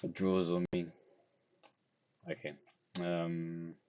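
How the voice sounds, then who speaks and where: A man's voice: low-pitched, completely flat delivery, takes it slowly, mellow, smooth, highs cut off. A tired young man, rambling and self-deprecating as he talks through his drawing in a casual video diary. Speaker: vlogger.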